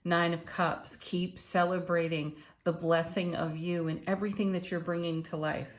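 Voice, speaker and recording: A woman giving a relaxed spiritual tarot reading, encouraging and gentle, with soft laughs and murmured asides. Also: lowish voice, moderate pace. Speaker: tarot card reader and channel host. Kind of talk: unscripted spiritual card reading.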